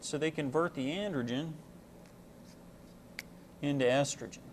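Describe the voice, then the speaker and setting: A man's voice: on the high side, fairly even intonation, moderate pace, long pauses, a little hiss or hum. A man giving a casual medical lecture, folksy and full of fillers, explaining with homely analogies.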